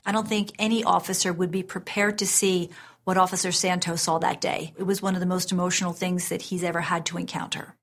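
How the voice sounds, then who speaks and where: A woman's voice: on the low side, level tone, brisk. A woman crime writer being interviewed, who retells events in an earnest, conversational way. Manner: earnest, storytelling with fillers. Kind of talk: interview commentary.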